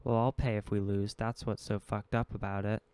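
A resentful butch woman complains bitterly, as a male reader voices her. The tone is low and smooth, recorded dry. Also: flat delivery, moderate pace, a little mellow, dry recording, lightly acted. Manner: muttering, resentful.

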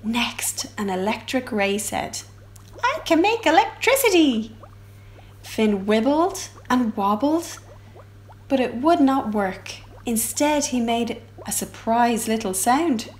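A woman reading a children's picture book aloud for a library storytime, with expressive sound effects. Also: on the high side, takes it slowly.

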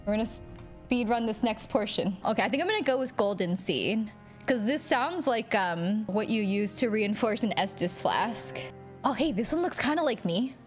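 A woman streaming a video game, reacting with giggles, gasps and excited squeals. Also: fairly high pitch, moderate pace, faint music behind.

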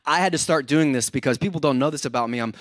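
A lively male pastor with a fairly high voice delivers a joking, energetic sermon. He slips into quick acted-out complaints between his points. The sound is close and dry, with almost no room echo. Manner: energetic, joking, self-described overcaffeinated; acts out everyday complaints in quoted voices. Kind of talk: humorous sermon.

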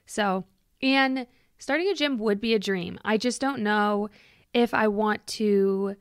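A woman's voice: mid-range voice, slow pace, smooth, dry recording. A woman in her late twenties hosting a podcast, talking in a chatty, heartfelt and reflective way into a close microphone. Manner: chatty and heartfelt, full of "like" and gushing thanks. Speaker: podcast host. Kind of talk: casual reflective podcast monologue.

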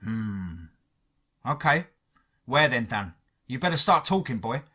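A man's voice: mid-range voice, moderate pace. A man voicing a bullying, taunting male government agent in a horror story. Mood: shouting. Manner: sneering, loud, taunting.

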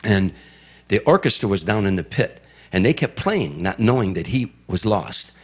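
A low-voiced older man from Chicago tells a story from his years as an entertainer. He relates it vividly in an interview and acts out the voices of the people in it. His voice sits low and steady. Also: moderate pace.

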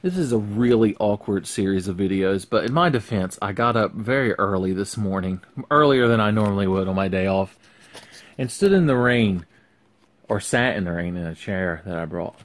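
A man's voice: fairly low pitch, expressive, moderate pace. A man casually vlogging from his bedroom while unboxing, sarcastic and profane, rambling to the camera balanced on his face.

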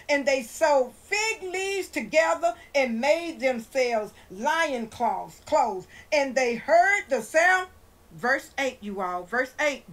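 Woman, impassioned sermon, high voice, very animated intonation. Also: rough recording. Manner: impassioned, asks the audience questions and answers them herself. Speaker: preacher. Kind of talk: informal sermon, reading scripture.

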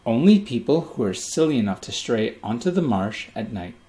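A kind, reassuring mother from a storybook speaks softly and soothingly to her little son in the night, voiced by a man narrating. The tone is warm and dark, never rising into alarm, steady and comforting. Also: mid-range voice, normal speed, reverberant. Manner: soft, soothing bedtime tone.

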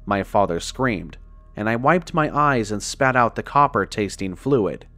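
A man reading a first-person horror story aloud as a podcast narrator, in a measured, dramatic way that slows down on the grim details. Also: fairly low pitch, expressive, a bit bright, no echo, soft background music.

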